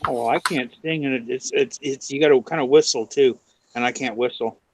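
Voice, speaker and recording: Through poor audio, a man of mid-range pitch speaks briskly with fairly even intonation. A guest on a live stream, he tells a long, rambling story peppered with "you know," acting out the quotes in casual storytelling chat.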